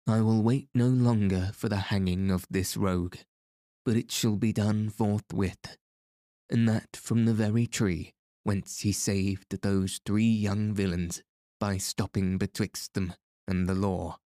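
A man's voice: fairly low pitch, fairly even intonation, a little slow, dark tone, no echo, studio quality, close to an everyday voice. A man voicing a cruel middle-aged male sheriff who speaks in a commanding, gloating way.

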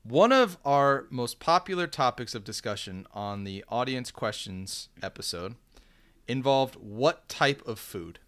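A man's voice: medium pitch, expressive, measured pace, fairly bright tone. A man co-hosting a casual podcast chat, teasing his friend in a quiz-master tone. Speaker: podcast co-host.

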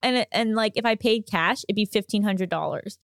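A young woman co-hosting a podcast in casual chat, animated and full of fillers. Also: mid-range voice, brisk, dry recording. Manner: animated, filler-heavy, often laughing. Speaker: podcast co-host.

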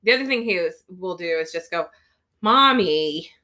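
Lively bright woman co-host. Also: on the low side, quick pace. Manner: responsive, affirming, animated. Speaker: podcast co-host. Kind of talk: casual chat.

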